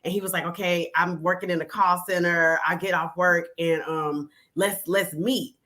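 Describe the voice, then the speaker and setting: A woman guest telling dating stories in a casual chat, animated, unfiltered and quick to laugh. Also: fairly low pitch. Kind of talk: casual storytelling.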